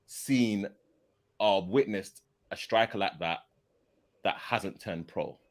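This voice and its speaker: A man's voice: sits low, slow pace. A man hosting a casual video chat, talking eagerly and filling his speech with "literally" and "like". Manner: enthusiastic, repeats "literally" and "like" a lot.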